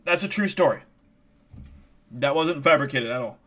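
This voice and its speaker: A streamer host chatting casually and telling a rambling, profane tall tale with many restarts. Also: male voice, medium pitch, animated, normal speed, bright, forceful tone. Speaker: livestream host.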